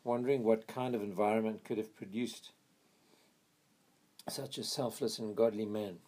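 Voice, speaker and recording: A man reading a memoir aloud in an earnest, steady way, now and then pausing to pray quietly. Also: fairly low pitch. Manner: earnest, pauses for quiet prayers. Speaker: reader of a missionary memoir.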